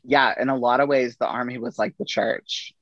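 Middle-aged man, gravelly, easygoing storyteller, dull dry recording. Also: medium pitch, normal speed, no room sound. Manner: relaxed anecdotal delivery with quoted dialogue. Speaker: podcast guest, army veteran. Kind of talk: casual storytelling.

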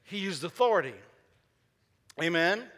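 A man preaches to his congregation in a high, bright voice, often asking questions and waiting for answers. He drives points home by repeating short phrases several times. His voice rings with the long reverb of a large church hall. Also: animated, unhurried. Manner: repeats key phrases for emphasis. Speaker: pastor. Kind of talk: sermon. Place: church sanctuary.

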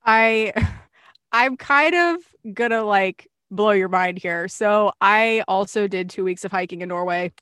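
A woman with a mid-pitched voice hosts a casual interview over a video call. She is bubbly and laughs often, and the sound is dry and close with no room around it. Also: slow, a bit bright, smooth, no echo. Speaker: host.

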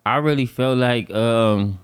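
A male host tells stories in a relaxed, casual chat with a mid-range voice. He laughs often between lines and uses blunt, profane slang. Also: medium pitch, slow. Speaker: podcast host.

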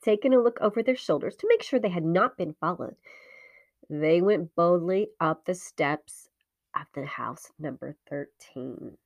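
Dramatic hushed woman reading a ghost story. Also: lowish voice, animated, no echo. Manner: hushed, drops into whispers, slows for suspense.

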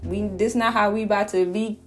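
A woman's voice: mid-range voice, fairly even intonation, fairly quick, soft background music, close to an everyday voice. A woman voicing her own inner spirit as a sassy, slangy, insistent figure.

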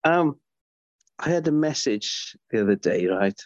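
A man's voice: medium pitch, animated, a little slow, dry recording, muffled recording. Enthusiastic rambling middle-aged man. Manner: enthusiastic, rambling storyteller with many restarts. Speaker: guest, author. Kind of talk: conversational podcast interview.

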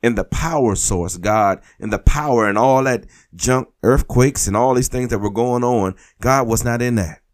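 A man's voice: medium pitch, normal speed, hardly any pauses. A man preaching a sermon, urging his listeners on and repeating phrases for emphasis.

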